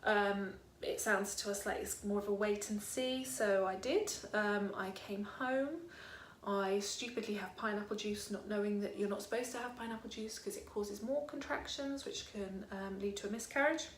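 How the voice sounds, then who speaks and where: A woman's voice: medium pitch, normal speed, a little hiss or hum. A young British woman vlogging in casual chat at home, rambling and hesitant, with many ums. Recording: echoey room.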